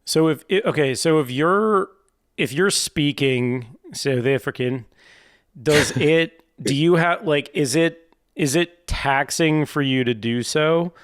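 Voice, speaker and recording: Smooth-voiced man hosting a chatty podcast. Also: on the high side. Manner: halting, restarts questions, laughs easily. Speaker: podcast host. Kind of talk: casual podcast interview.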